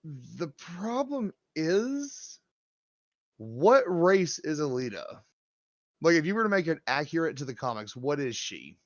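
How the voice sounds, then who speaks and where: Blunt, profane podcast co-host, lo-fi mic. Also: male voice, fairly high pitch, very animated, a little slow, no echo. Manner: blunt, profane, laughing asides. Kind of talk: casual podcast chat. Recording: dull, lo-fi mic.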